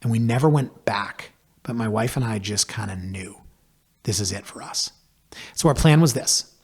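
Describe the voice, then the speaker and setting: A man's voice: medium pitch, husky. A man, a podcast host telling a personal story in a wry, self-deprecating way. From Canada. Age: 40s.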